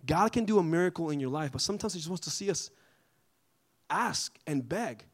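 A man leading a group Bible study in a casual, animated way, often asking the group questions. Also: fairly high pitch, a little fast.

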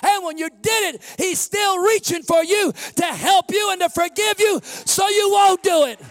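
A pastor preaches to his congregation, swinging between shouts and soft asides, calling listeners "honey" and laughing at his own jokes. His voice is extremely high and his delivery a little slow.

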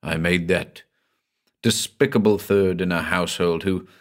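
A man's voice: deep voice, steady tone, unhurried. A man voicing a guilt-ridden middle-aged doctor, speaking in an agitated, intense, confessional way. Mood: anguished.

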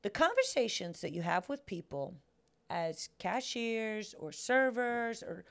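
A woman's voice: fairly high pitch, very animated, unhurried, gravelly. A young woman co-hosting a podcast, telling stories animatedly and swearing in casual chat. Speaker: podcast co-host.

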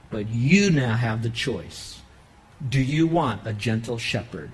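A pastor preaching a sermon in a church, emphatic and rising into loud bursts, then softening into a quiet prayer. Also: male voice, mid-range voice, expressive, takes it slowly, slightly rough, low-quality recording.

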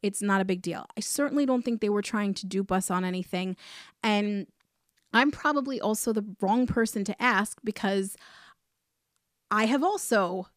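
A woman's voice: a little high, dry recording, clean studio sound. A woman co-hosting a podcast, speaking frankly with laughing, mock-protesting reactions. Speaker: podcast co-host. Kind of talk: casual podcast chat. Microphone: podcast microphone.

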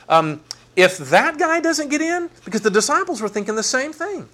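Animated preacher, lively pitch. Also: male voice, a little fast. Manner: animated, voices Bible figures with playful asides. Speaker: pastor. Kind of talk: sermon.

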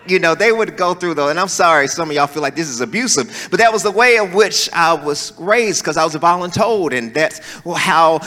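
A man's voice: on the high side, moderate pace, hardly any pauses. A man preaching a sermon in a church, telling stories and calling on the congregation to respond. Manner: animated, folksy storytelling with call-and-response. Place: large church hall. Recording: reverberant church hall.

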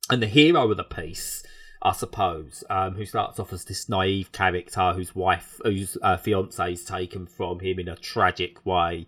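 British guy talking a tv show over, bright forceful voice, lots of restarts. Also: low voice, unhurried. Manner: animated, rambling with restarts. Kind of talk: casual chat, TV review.

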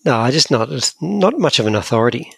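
This Scottish podcast co-host rambles through casual chat, full of jokes and self-deprecation. His mid-range voice swings widely in pitch and comes out brisk, creaky, a bit bright and slightly rough, with no echo in the recording.

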